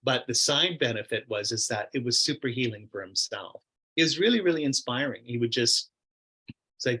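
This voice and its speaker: A middle-aged man, a Buddhist meditation teacher, telling a story in a relaxed, rambling way with many fillers and quoted asides during a question-and-answer discussion. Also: mid-range voice, moderate pace, breathy edge, low-quality recording.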